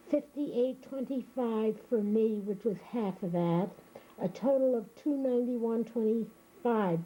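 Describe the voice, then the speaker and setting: An older woman from Germany, recounting her memories in a reflective, unhurried oral history interview. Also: fairly high pitch, warm tone, low-quality recording.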